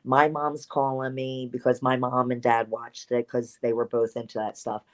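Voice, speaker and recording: A woman, a former pro wrestler, telling candid stories in an interview, animated and blunt, with salty language. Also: rumbling low, moderate pace.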